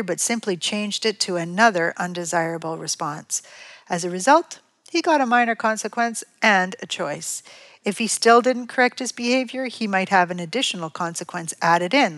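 A middle-aged woman, a parent educator, reading a prepared piece on parenting in an even, measured tone. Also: on the low side, dry recording, clean studio sound.

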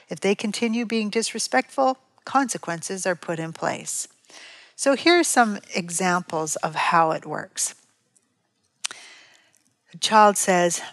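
A middle-aged woman, a parent educator, reading a prepared piece on parenting in an even, measured tone. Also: fairly low pitch, dry recording, clean studio sound.

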